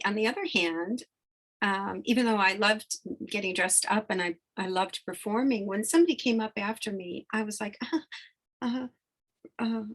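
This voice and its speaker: A woman hypnotherapist chatting casually to her followers, emotional and rambling, often breaking off mid-sentence. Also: medium pitch. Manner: emotional, rambling, self-interrupting. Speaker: spiritual hypnotherapist. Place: New York.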